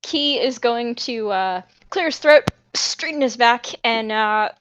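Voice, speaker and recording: A woman's voice: a little high, lively intonation, slow pace, fairly bright tone, clear, resonant tone, muffled recording. A woman playing a tabletop game, narrating her character's actions in a rambling, hesitant way. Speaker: player.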